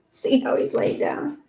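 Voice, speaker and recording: An older woman chatting casually to her viewers, cooing baby talk to her dog. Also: mellow. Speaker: vlogger. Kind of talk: casual chat to camera. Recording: echoey room, voice a bit off-mic, faint noise.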